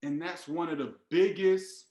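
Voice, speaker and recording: A man and team leader giving an energetic, repetitive motivational talk on a team call. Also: a little high, unhurried, echoey room. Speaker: team leader and trading mentor.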